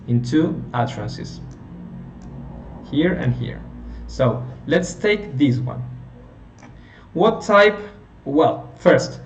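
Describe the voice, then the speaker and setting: Slow-talking male teacher in an echoey room. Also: mid-range voice. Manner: slow, explaining step by step and quizzing students. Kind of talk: online phonetics lesson. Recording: echoey room, a little far from mic, faint hiss.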